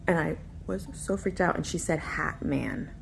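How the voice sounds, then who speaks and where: A woman's voice: lowish voice, fairly even intonation, normal speed, creaky, noisy background. A woman casually retelling a frightening babysitting experience in a tense, nervous way. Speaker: storyteller in a clip. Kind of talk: casual storytelling.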